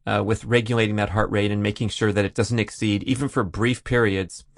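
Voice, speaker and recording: A man's voice: lowish voice, level tone, fairly quick, dry recording, clean studio sound. A man hosting a solo podcast, explaining listener questions in an easy, conversational way with frequent "uh" fillers. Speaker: podcast host.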